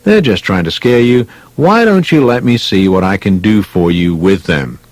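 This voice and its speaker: Gentle fatherly older cop, voiced by a male narrator, soothing, lively intonation. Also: lowish voice, normal speed, dry recording, close to an everyday voice. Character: kindly older male police detective.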